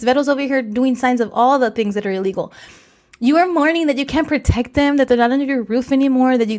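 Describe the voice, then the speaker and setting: A woman in her forties, co-hosting a podcast, speaking candidly and emotionally and slipping Spanish phrases into her English. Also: sits high. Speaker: podcast co-host. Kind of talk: emotional casual chat.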